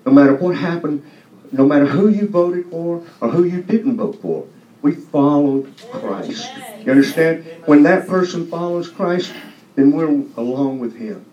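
A man's voice: on the high side, expressive, unhurried. A man giving a loose, conversational testimony to a church congregation, often asking if they understand. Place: church hall. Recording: echoey hall from far off, dull sound.

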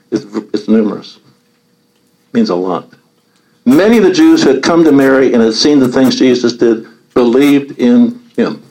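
A man's voice: medium pitch, a little mellow, low-quality recording. Earnest man leading a Bible study. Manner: reads scripture aloud then comments, earnest.

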